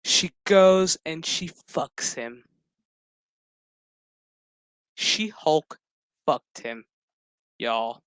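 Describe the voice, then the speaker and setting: Male streamer, sassy and profane, smooth voice, unhurried delivery, dry close sound. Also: fairly high pitch, lively intonation, a bit bright, dry recording. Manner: sassy, profane, exaggerated retelling. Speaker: streamer reviewing a show. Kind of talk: casual crude reaction commentary.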